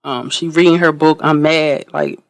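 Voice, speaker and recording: A woman guest on a podcast telling an animated, blunt story with swearing, often repeating herself and restarting sentences. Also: sits low, moderate pace, no room sound. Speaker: interview guest.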